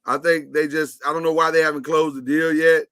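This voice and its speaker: Male sports-show host, bright higher voice, opinionated and chatty, dry mic. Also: little pitch movement, brisk, smooth, no room sound. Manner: chatty, opinionated, runs the segments. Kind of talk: casual sports talk.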